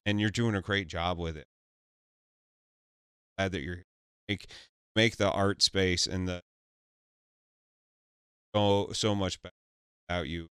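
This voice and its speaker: A man interviewing a guest in a casual chat, halting and stumbling over his words. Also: low-pitched, fairly even intonation, fairly bright tone, smooth, no room sound, studio quality.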